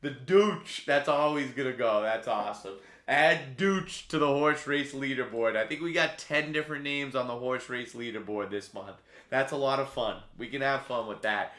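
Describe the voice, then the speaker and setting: A man hosting a live stream, calling a race play-by-play with sudden loud outbursts and casual banter. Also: medium pitch, normal speed, reverberant. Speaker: stream host.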